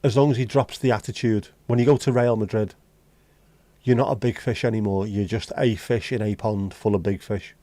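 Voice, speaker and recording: This livestream host is a man with a Scouse Liverpool accent whose warm, fairly low voice keeps a fairly even intonation at a moderate pace. He banters bluntly and swears while chatting casually with viewers, with no echo on the audio.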